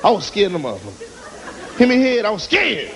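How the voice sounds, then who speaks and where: A man doing a stand-up comedy routine, telling a crude, profane story loudly and with animation. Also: high voice, huge pitch swings, fairly quick, crowd noise. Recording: noisy live show recording with audience. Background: audience laughter.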